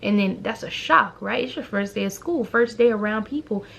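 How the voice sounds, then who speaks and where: Brief: young female vlogger, casual and opinionated, with a gravelly fry and faint background noise. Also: medium pitch, moderate pace. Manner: animated, opinionated storytelling. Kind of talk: casual talking-head vlog.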